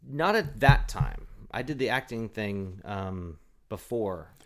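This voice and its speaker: A man in his forties tells stories from his past in a loose, chatty way. He acts out what people said and swings his voice up and down with the telling. His voice sits a little on the low side. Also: slow pace. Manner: animated storyteller who acts out quotes. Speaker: guest. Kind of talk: casual reminiscing chat.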